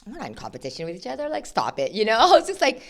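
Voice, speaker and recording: A woman attorney from Sacramento, chatting casually as a podcast guest and telling animated stories, acting out quoted exchanges with lots of fillers. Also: a little high, rapid-fire. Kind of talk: casual interview chat.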